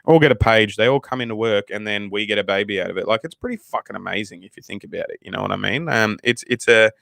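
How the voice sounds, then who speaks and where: Low-voiced Australian man, swearing storyteller. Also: fast, creaky, no room sound. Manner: heavy swearing, animated and rambling. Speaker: channel host, new father. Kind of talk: casual storytelling to camera.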